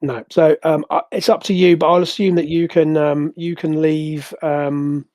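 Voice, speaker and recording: Male game master, a bit high-pitched, halting delivery, dry sound. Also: little pitch movement, a little mellow, no echo. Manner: halting, full of fillers and restarts. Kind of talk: narrating a tabletop game.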